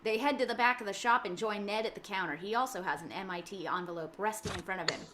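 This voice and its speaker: A woman narrating the action description in a fan table read of a film script, reading briskly and matter-of-factly. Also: medium pitch, noisy background.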